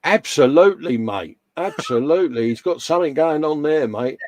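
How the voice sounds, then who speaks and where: A man's voice: on the high side, expressive, moderate pace, a little mellow, no echo. A middle-aged English man co-hosting a casual live chat, jokey and full of friendly slang, calling everyone mate. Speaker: co-host.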